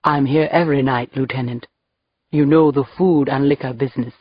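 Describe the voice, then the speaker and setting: A woman's voice: rumbling low, fairly even intonation, a little fast, no room sound, muffled recording, pitched below the performer's own voice. A woman voicing a jovial, evasive male club owner with a British accent, read as an audiobook. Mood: smooth, evasive. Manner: smooth and evasive. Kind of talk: audiobook reading.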